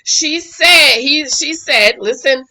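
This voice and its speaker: Sassy bright-voiced woman recapping TV. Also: high voice, slow pace. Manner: sassy, scolds the people on screen; animated, switches between loud and quiet asides. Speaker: reality TV reviewer. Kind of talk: casual recap commentary.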